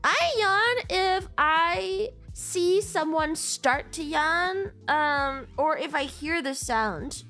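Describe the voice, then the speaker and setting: A woman's voice: very high voice, animated, extremely slow, few pauses, pushed and bright, soft background music. A young woman streamer, freshly woken and sleepy, chatting casually with viewers, giggling and swearing. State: sleepy, just woke up. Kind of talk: casual livestream chat.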